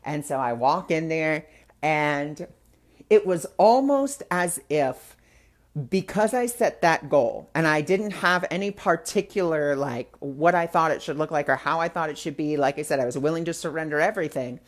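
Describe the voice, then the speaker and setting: Low-voiced woman telling a chatty story. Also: normal speed. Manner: chatty, many fillers, acts out quotes. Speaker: spiritual discussion host. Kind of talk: casual spiritual storytelling. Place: live online broadcast.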